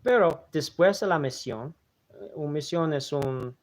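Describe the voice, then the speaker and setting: A man with a slightly raised voice hosts a casual live stream, reading out viewer donations and answering as he goes. He talks in a loose, rambling way, full of ums and restarts, and he sounds warm and grateful toward his audience. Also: a little high, moderate pace. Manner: rambling, hesitant with many fillers and restarts.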